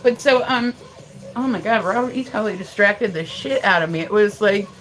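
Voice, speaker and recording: A woman's voice: mid-range voice, fairly quick, fairly bright tone, a little hiss or hum, poor audio. A middle-aged woman chatting casually on a livestream, rambling and swearing as she answers viewer comments. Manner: rambling, profane storytelling. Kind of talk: casual live-stream chat.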